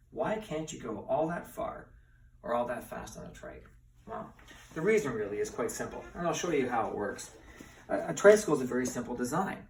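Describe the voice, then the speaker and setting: A man's voice: mid-range voice, distant mic, slight background noise. A middle-aged man teaching a lesson with a bike demonstration, chatty and playful, asking his class questions. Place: indoor room with bikes. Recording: echoey room, voice from afar.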